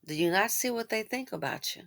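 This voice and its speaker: A woman hosting a commentary channel, talking casually with sarcastic asides that swing between loud exclamations and muttered remarks. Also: mid-range voice, animated, brisk.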